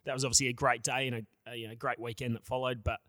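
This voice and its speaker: A man's voice: medium pitch, flat delivery, racing, bright, forceful tone, dry recording. An Australian man in his thirties, a podcast guest, recalling old matches in a reflective, rambling way. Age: 30s. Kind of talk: casual interview.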